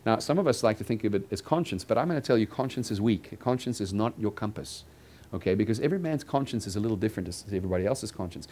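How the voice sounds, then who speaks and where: A man's voice: lowish voice, animated, fast, few pauses, dark tone, slight background noise. Chatty man preaching a casual sermon. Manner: chatty, repeats phrases, joking asides to the congregation. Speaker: pastor. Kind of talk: conversational sermon. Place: church building.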